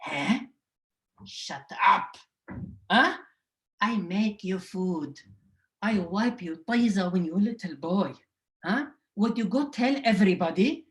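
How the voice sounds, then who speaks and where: A woman's voice: medium pitch, lively intonation, slow pace, long pauses. A comedian voicing a scolding, indignant immigrant mother who talks in broken English and snaps back with repeated retorts.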